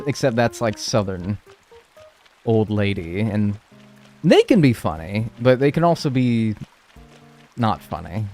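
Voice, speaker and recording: Animated, swearing young male streamer. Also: lowish voice, normal speed, faint music behind. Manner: animated, swears freely, rambling. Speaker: video game streamer. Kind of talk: casual stream chat while playing.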